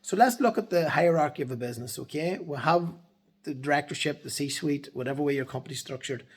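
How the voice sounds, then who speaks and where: A man talks straight to camera from his office. His voice sits a little high for a man, and he is blunt and emphatic, dropping swear words as he goes. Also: brisk, slightly rough. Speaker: transport compliance consultant. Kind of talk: casual straight-to-camera talk. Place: office, in the evening.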